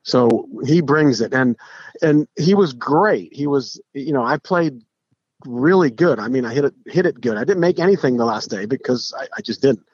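Middle-aged guy on a podcast telling stories, husky, lots of restarts, kinda muffled audio. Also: mid-range voice, normal speed, no room sound. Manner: animated, restarts, acts out quotes. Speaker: podcast guest, pro golfer. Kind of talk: casual storytelling.

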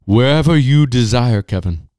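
A man putting on a jolly old Santa Claus voice with an Irish-tinged twang and booming ho-hos. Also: expressive, normal speed, warm tone, clear, resonant tone, no echo, studio quality, lightly acted.

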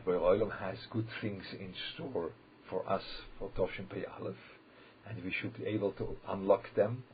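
Halting low-voiced man giving a sermon. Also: slight background noise. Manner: halting, repeats words and restarts often; checks in with listeners, asking "yeah?". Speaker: religious teacher. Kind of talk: holiday sermon. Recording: slightly dull lo-fi recording.

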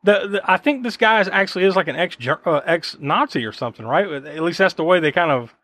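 A man's voice: sits high, lively intonation, fast, fairly bright tone, no echo, studio quality. A man hosting a podcast, chatting casually about a film in a rambling, profane way full of fillers. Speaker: podcast host.

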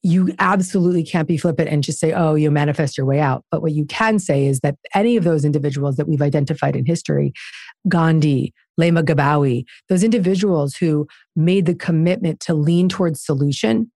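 A woman's voice: low voice, brisk, warm tone, no room sound, studio quality. A woman guest author talking in an interview, emphatic and preachy in her delivery. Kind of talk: conversational interview.

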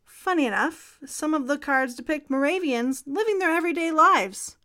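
A woman's voice: high voice, animated, normal speed, sharp tone. A woman co-hosting a history podcast, reading scripted narration with dry, amused asides. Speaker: podcast co-host.

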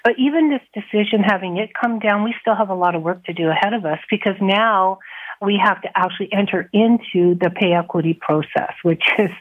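A woman, a nurses' union president, speaks earnestly in a radio interview, with restarts and soft laughs. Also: mid-range voice, brisk. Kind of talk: radio interview over the phone. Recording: tinny phone line.

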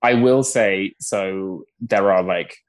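A man's voice: low-pitched, slow pace. Podcast guest: man, upper-middle-class London accent, loose gossipy chatter. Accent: posh London English. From England. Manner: chatty, gossipy, lots of "like" fillers. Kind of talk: casual chat.

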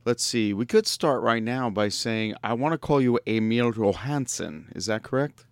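A man's voice: medium pitch, expressive, normal speed, no echo. A man hosting a podcast in casual interview chat, joking and laughing often as he rambles. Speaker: podcast host.

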